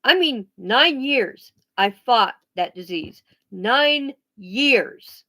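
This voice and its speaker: A woman's voice: on the high side, lively intonation, pushed and bright. A woman ranting bluntly on a casual vlog, swearing freely and often restarting her sentences. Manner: blunt, profane, emphatic; halting restarts and pauses. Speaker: vlogger.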